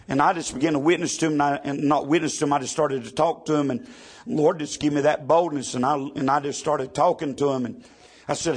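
Fast and steady in tone, this pastor's fairly high, husky voice tells a story from the pulpit. His sermon is a testimony peppered with "amen" almost every line.

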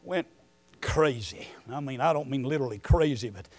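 A middle-aged man preaching a sermon, moving between quiet storytelling and shouted emphasis. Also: mid-range voice, animated, moderate pace, dry recording.

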